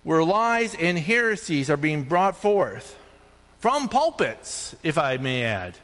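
A male pastor delivering an animated sermon, his voice climbing high on points of emphasis. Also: takes it slowly. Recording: long hall reverb.

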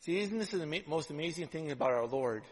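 A pastor delivering a conversational sermon, full of "right?" asides, swinging between loud and hushed. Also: male voice, on the high side, expressive, fast, husky, in a large hall, rough recording.

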